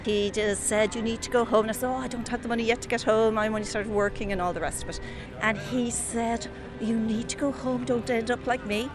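A woman with an Irish accent telling a personal story in a quick, conversational way. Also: fairly high pitch, steady tone, over music.

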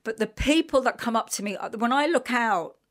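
A middle-aged woman with a London accent, a radio guest telling an animated, emotional story with many fillers. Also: on the high side, a little fast. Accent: London English. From England. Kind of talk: casual radio interview chat.

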